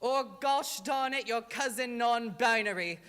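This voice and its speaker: A woman's voice: fairly high pitch, a little slow, clear, resonant tone. A woman voicing a sassy, campy Satan in a put-on British accent, mocking the audience theatrically in a church comedy monologue. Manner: mocking, theatrical, loud and exaggerated. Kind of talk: comic drag monologue. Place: church sanctuary. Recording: reverberant church hall.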